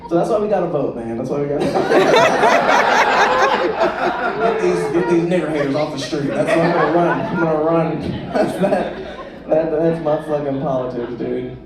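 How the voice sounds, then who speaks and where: A man performing stand-up, his pitch swinging widely as he laughs through his own crude bits. He sits a little high for a man. The recording catches him from a distance in a reverberant club, with the audience's laughter loud behind him. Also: very animated, measured pace. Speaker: stand-up comedian. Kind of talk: live stand-up set. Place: comedy club stage with audience. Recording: echoey club taped from far off, loud crowd.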